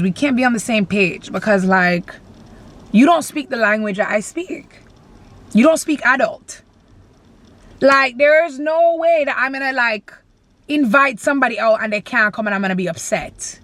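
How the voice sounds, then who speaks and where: A woman's voice: on the high side, a bit bright. A young woman vlogging from her car, venting bluntly and animatedly with plenty of swearing. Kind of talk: casual venting vlog.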